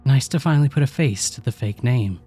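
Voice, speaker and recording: A man's voice: mid-range voice, a little fast, breathy edge, soft background music. Man reading a cool female lab doctor. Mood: composed. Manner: calm, matter-of-fact explaining.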